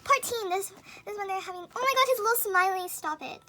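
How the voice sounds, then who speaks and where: A young woman with a very high voice gushes through an unboxing. She chats in a loose, excitable way, full of gasps, squeals and fillers. The recording carries a clear hiss of noise underneath. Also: fairly quick. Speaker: vlogger. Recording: noisy home recording.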